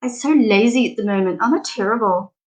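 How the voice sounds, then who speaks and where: A woman's voice: a little high, fairly quick. A middle-aged Australian woman giving a spiritual reading on a live stream, frank and affectionate, laughing often. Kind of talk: casual live-stream chat.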